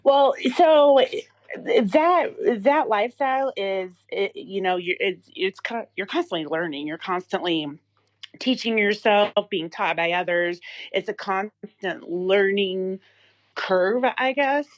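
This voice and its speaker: A woman's voice: medium pitch, expressive, slow pace, dry recording. A woman in her thirties telling an emotional personal story as an interview guest, with many fillers and restarts.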